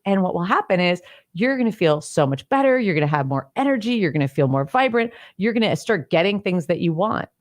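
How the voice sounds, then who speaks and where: Middle-aged woman, lowish voice, teaching talk, step-by-step explainer, everyday examples, acted-out quotes. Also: animated, brisk. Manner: acts out quoted lines with bigger pitch swings. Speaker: decluttering coach.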